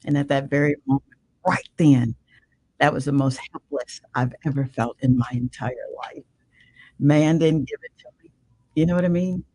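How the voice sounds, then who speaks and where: Husky older woman giving emphatic testimony. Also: deep voice, moderate pace, mellow, dry recording, rough recording. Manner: emphatic, preacherly, calls listener "man". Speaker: guest, radio show host. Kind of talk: emotional personal testimony.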